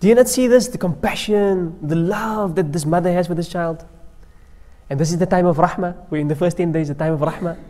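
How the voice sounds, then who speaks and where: Mellow preacher in an echoing mosque. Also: male voice, on the high side, steady tone, a little fast. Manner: storytelling preacher, mixing in Arabic recitation. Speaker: sheikh giving a Ramadan lecture. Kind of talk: sermon. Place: mosque hall. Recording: long echo of a mosque hall.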